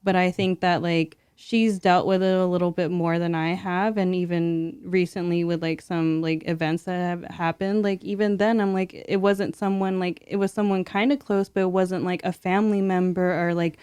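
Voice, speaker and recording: A woman's voice: fairly low pitch, flat delivery, moderate pace, few pauses, a little mellow, smooth, no room sound, studio quality. A young woman, a mother, talking reflectively as a podcast guest in casual chat, with lots of filler words.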